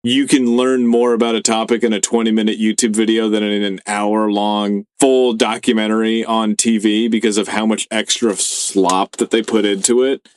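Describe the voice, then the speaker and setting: A man's voice: fairly low pitch, flat delivery, normal speed, hardly any pauses, no room sound. A man co-hosting a podcast in casual chat, swearing a lot and rambling with many fillers. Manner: profane, rambling, heavy fillers. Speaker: podcast co-host.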